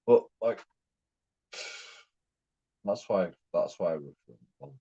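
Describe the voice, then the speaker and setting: Husky, animated man ranting. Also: sits low, slow, long pauses. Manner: rambling, repetitive, swears constantly. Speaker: streamer. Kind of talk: profane ranting monologue. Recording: dull lo-fi recording.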